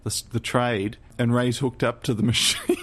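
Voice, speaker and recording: A man's voice: medium pitch, steady tone, moderate pace, a bit bright. A man co-hosting a comedy podcast, riffing and giggling in casual chat. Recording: background noise.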